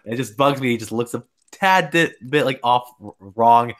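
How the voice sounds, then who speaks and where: A man's voice: mid-range voice, moderate pace, a bit bright. Young male co-host, casual and rambly, playful. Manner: playful, rambling, many restarts. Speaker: podcast co-host. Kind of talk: casual chat.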